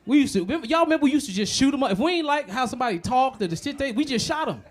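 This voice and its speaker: A man doing a stand-up comedy set, profane and animated, acting out the voices of other people. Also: very high-pitched, racing.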